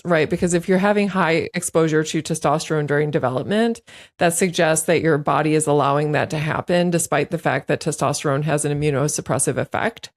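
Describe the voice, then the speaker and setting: Lady podcast host, kinda low voice, talks things through out loud, lots of mm-hmms. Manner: thinks aloud, frequent affirming murmurs. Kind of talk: conversational interview.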